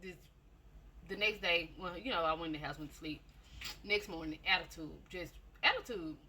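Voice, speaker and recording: A woman with a lowish, bright, forceful voice talks at normal speed, with slight background noise behind her. She gives a casual personal testimony in chatty storytelling style, repeating phrases and often addressing her listeners directly.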